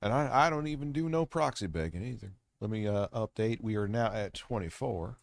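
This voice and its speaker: Guy streaming from home, rambly and jokey, kinda low voice, super dry close sound. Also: animated, fairly quick, vocal fry, no echo. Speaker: livestream host. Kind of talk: casual livestream chat.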